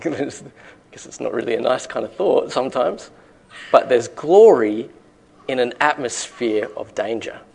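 A man's voice: medium pitch, lively intonation, unhurried, gravelly, a little mellow, breathy edge. Emphatic male preacher. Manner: emphatic preaching with rising rhetorical questions. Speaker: pastor. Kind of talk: sermon.

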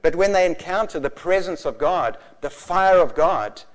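A man's voice: on the high side, moderate pace. Passionate man in his forties preaching. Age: 40s. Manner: passionate, animated storytelling with laughter. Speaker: pastor. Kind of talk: sermon.

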